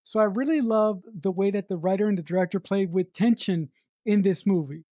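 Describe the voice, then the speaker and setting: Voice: medium pitch, fairly quick, mellow, dry recording, lo-fi sound. A middle-aged podcast co-host reviewing a film in casual chat, emphatic, repeating words for effect and swearing freely.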